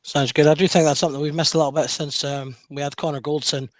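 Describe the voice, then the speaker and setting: A man's voice: on the high side, flat delivery, fast talker, dry recording, studio quality. A man hosting a podcast, reading out listener questions in a hesitant way with many fillers. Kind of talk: casual podcast chat.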